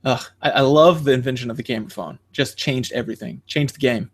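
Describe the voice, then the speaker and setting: Fast-talking man in casual podcast chat. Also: medium pitch. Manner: rambling, many fillers and restarts; animated, jumps into quoting others. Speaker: podcast co-host.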